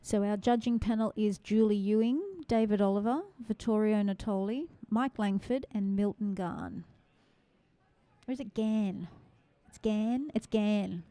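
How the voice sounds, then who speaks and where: A woman with a Western Sydney Australian accent hosts a live-streamed photography awards judging, announcing scores and chatting with the audience. Her medium-pitched voice is mellow and measured, recorded with no room sound.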